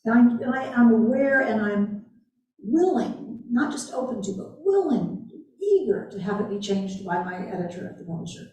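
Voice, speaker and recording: Animated woman author in an echoey hall. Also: on the high side, moderate pace. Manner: animated, emphatic, repeats phrases. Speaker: guest author. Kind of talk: library author talk Q&A. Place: library event room. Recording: echoey room, distant mic.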